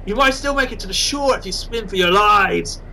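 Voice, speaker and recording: A man casually commentating on his own game, excitable and self-mocking. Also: sits high, normal speed, slight background noise, rough recording. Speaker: gaming channel host.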